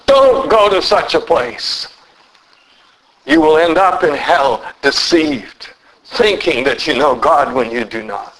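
A man preaching a sermon earnestly, often slowing down and climbing to emphatic peaks. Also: poor audio. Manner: lively pitch, slows down for emphasis.

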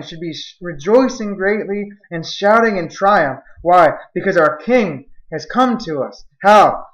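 A man preaching a sermon, quoting scripture and building to earnest, emphatic passages. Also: on the high side. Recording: roomy, slightly dull recording.

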